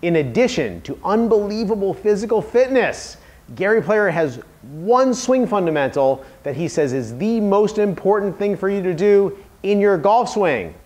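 Higher-voiced man teaching golf. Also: animated, normal speed, darkish tone. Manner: earnest, storytelling, some restarts. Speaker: golf instructor. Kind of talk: instructional video. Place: outdoor golf practice area.

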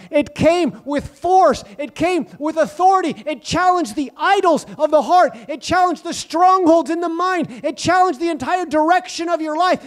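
A male preacher with a strikingly high voice delivers a sermon. He prays and preaches fervently, hammering home his points with chains of repeated phrases. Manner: fervent, emphatic repetition of phrases. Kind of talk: sermon with prayer.

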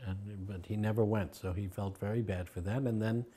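A man's voice: on the low side, fairly even intonation, normal speed, dark tone, slightly rough. An older man recalling his teacher in an interview, telling anecdotes and acting out the quoted voices with a chuckle.

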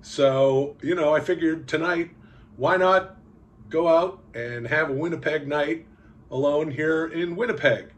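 A man's voice: a little high, unhurried, dull audio, slight background noise. A man from Canada, a podcast co-host, chatting casually and laughing often as he narrates a vlog. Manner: laughing, swearing, animated.

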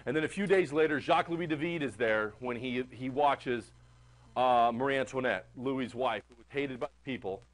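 A man teaching a history class in a classroom, animated and chatty, often checking in with the students. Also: mid-range voice, moderate pace, rough recording. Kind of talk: classroom lecture.

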